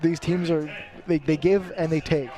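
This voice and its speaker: A man's voice: on the high side, steady tone, moderate pace, dark tone. A man giving casual color commentary on a live college football game, often repeating words as he talks. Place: outdoor football stadium broadcast booth.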